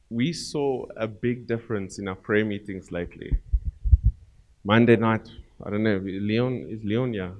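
A man with a South African accent preaching a sermon as pastor, swinging between loud emphatic lines and quiet asides. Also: on the low side.

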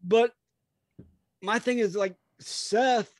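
Blunt, rather high-voiced man. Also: fairly even intonation, extremely slow, no echo. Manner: blunt, profane, rambling. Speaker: podcast co-host, wrestler. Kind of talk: casual chat.

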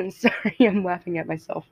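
A woman's voice: lowish voice, darkish tone, slight background noise. A teenage girl hosting a podcast, telling a personal story in a rambling, self-interrupting way and laughing at herself. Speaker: podcast host. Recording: dull lo-fi home mic.

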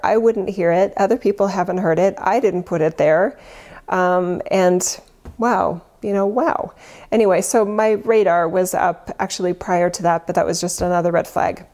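A woman's voice: mid-range voice, normal speed, darkish tone. A woman who leads spiritual retreats, talking casually and earnestly, rambling and correcting herself as she goes. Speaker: spiritual teacher and retreat leader.

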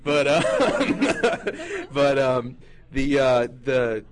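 A man speaking as a voice actor on a convention panel, joking, with halting restarts now and then. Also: mid-range voice, big pitch swings. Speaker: voice actor guest.

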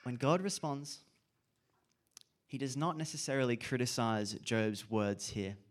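A man's voice: mid-range voice, steady tone, a little slow. Earnest man preaching. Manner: earnest, reflective, with emphatic repeated phrases. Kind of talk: sermon.

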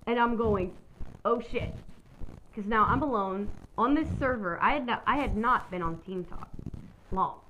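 A woman's voice: mid-range voice, expressive, moderate pace, fairly bright tone, a little hiss or hum, rough recording. A woman hosting her own podcast, telling a personal story in a candid, rambling way and swearing freely. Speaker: podcast host.

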